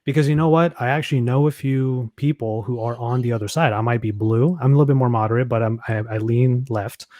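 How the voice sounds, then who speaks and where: A man from the United States co-hosting a podcast, telling stories in an expressive way and laughing as he talks. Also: mid-range voice, fast, hardly any pauses, no echo, highs cut off. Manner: storytelling, expressive, laughs while talking. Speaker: podcast co-host. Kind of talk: casual chat.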